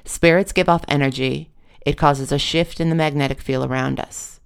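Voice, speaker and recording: Audiobook psychic woman, read by the narrator: patient, precise, lecturing, a touch gravelly. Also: medium pitch, fairly even intonation, normal speed, close to an everyday voice. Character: pale tiny woman, earnest know-it-all psychic.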